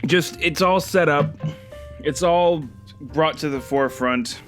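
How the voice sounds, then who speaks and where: Man in casual show-review chat, animated. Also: takes it slowly, soft background music. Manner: animated, swearing, pitch leaps when emotional. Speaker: host.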